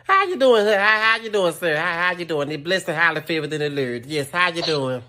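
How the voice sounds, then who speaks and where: Madea, a man doing a sassy loud old Southern granny. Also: on the high side, animated, brisk. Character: brash sassy older Southern grandmother. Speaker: prank caller. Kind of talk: comic impression on a phone call.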